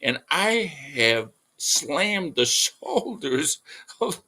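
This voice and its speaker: Slow, bright-voiced man rambling. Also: fairly high pitch, sing-song. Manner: rambling, with fillers and chuckles. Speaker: artist hosting a livestream. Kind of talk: casual monologue.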